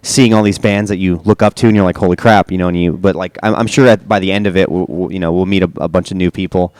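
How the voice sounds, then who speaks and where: Deep-voiced man in an excited band interview. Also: fast talker, clear, resonant tone, dry recording. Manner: excitable, stammering, many restarts. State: under the weather. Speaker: band member. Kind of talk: casual interview chat.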